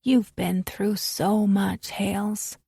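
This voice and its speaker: A woman voicing a protective young woman friend in an audiobook, speaking firmly, quietly and coldly. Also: mid-range voice, little pitch movement, slow, vocal fry, husky, dry recording, clean studio sound, full character voice. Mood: soothing. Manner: firm, quiet and cold. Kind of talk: audiobook character voice.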